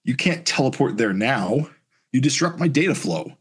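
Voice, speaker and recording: A man co-hosting a podcast, reading comic narration aloud in a casual, halting way with fillers and restarts. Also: mid-range voice, animated, husky.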